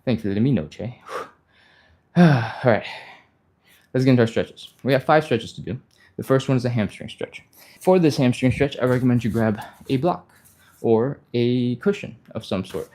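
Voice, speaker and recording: Speaking a little slowly and pausing often, this stretching instructor has a mid-range, slightly mellow voice. He leads a live class to follow along with, talking casually as he exercises, getting a little out of breath and sighing, while encouraging viewers and reading their comments aloud.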